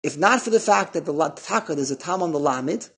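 A man's voice: on the high side, animated, quick pace, a bit bright, breathy edge. A man teaching a line-by-line text study. He reads passages with a pronunciation, explains them in English, and often stops to repeat words. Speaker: Torah teacher.

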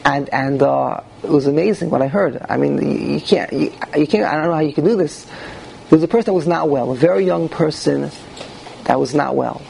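High-voiced, gravelly male Torah teacher. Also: a little fast, a little mellow, a little hiss or hum, rough recording. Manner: emphatic, questions the class, frequent restarts. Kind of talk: classroom Talmud lecture.

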